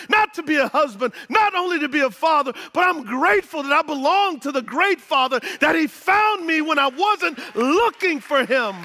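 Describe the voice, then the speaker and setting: A male pastor preaching a sermon with great energy, repeating words for emphasis and swinging between loud exclamations and hushed tones. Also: very high voice, animated, normal speed, few pauses, big-room sound.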